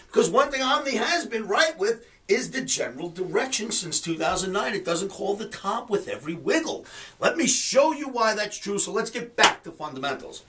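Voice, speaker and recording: Fired-up high-voiced man ranting about markets. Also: very animated, normal speed, bright, forceful tone, recorded from a distance. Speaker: trading educator and show host. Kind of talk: market commentary webcast.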